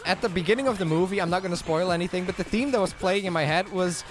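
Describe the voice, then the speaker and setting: Man, casual stream chat, playful, slightly high voice, music behind. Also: fast talker.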